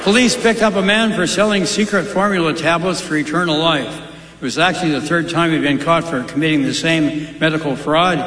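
A man's voice: a little high, fairly quick, a bit bright. A male stand-up comedian doing a set, firing punchy one-liners and chatting with the crowd. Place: large live venue. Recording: echoey live hall with crowd noise.

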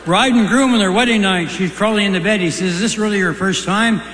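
A man's voice: high voice, fast, fairly bright tone. A man telling stand-up jokes in a folksy way, with offhand asides dropped between the punchlines. His voice rings through a large live venue, and the hall's long reverb trails after each line. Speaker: stand-up comedian. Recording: roomy hall with long reverb.

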